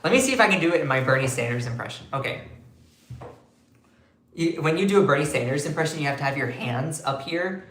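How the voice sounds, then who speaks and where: A man's voice: on the high side, lively intonation, quick pace, pauses often, a bit bright, echoey room. A man giving casual, sarcastic political commentary on a live stream, asking rhetorical questions.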